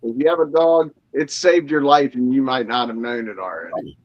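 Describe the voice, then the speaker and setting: A man co-hosting a casual podcast chat, joking and animated, quick to laugh at himself. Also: medium pitch, muffled recording. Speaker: podcast co-host.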